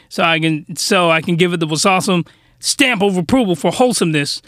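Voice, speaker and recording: A young man recapping an anime comedically, slangy and animated with mock outrage. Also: sits high, fairly quick, dry recording, clean studio sound. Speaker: anime reviewer.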